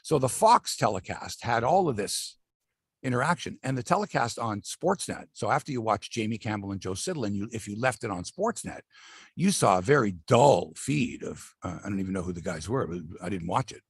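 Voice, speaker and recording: Middle-aged man, gravelly husky voice, lively pitch, casual profane sports talk. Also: brisk, no echo, clean studio sound. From Canada. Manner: animated, profane, acts out quotes from players. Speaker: sports podcast host. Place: outdoor studio by a lake.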